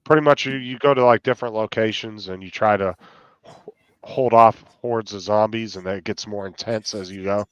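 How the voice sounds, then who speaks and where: A man's voice: fairly low pitch, fairly even intonation, moderate pace, clean tone, no echo, highs cut off. A man hosting a live stream, chatting loosely and joking with friends. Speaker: streamer host. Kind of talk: casual live-stream chat.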